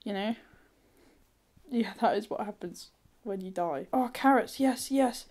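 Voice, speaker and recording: A woman giving casual let's-play commentary, thinking aloud, swearing freely and breaking into sudden excited squeals. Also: medium pitch, a little slow. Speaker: gamer.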